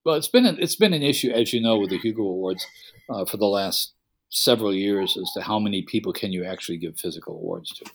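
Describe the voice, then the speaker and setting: A man co-hosting a casual podcast from his apartment, rambling gently with restarts and joking asides. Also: lowish voice, animated, fast. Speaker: podcast co-host. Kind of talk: casual chat. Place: apartment at home.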